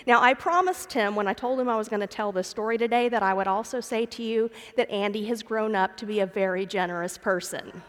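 A woman's voice: mid-range voice, fairly quick, hardly any pauses. Woman pastor preaching in a reverberant church. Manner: warm storytelling, addresses congregation as friends. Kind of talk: sermon. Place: church sanctuary.

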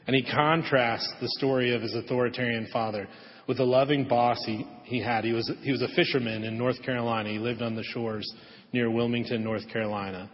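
A man preaching a sermon in a church sanctuary, telling a story gently and dropping to a soft hush on the key lines. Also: medium pitch, fairly even intonation, a little fast. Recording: echoey hall, dull lo-fi audio.

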